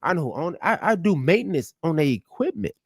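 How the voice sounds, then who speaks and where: A man telling a story in casual podcast chat, loud and profane, animated, with sudden drops to mutters. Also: on the high side, fairly quick, slightly rough, no room sound, studio quality. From United States.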